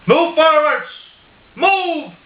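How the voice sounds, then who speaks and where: A man voicing an excitable Irishman with a put-on Irish accent, shouting commands in a high voice. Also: extremely slow, echoey room, dull audio, full character voice. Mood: frantic shouting.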